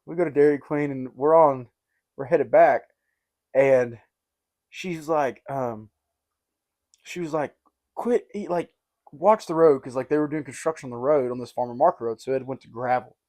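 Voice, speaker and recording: A young man with a drawl spins a story for his podcast friends. He rambles, leans on "like" and "dude", and gets animated as the tale builds. His voice sits at an everyday middle pitch. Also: moderate pace, long pauses. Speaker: podcast host. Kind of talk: casual storytelling chat.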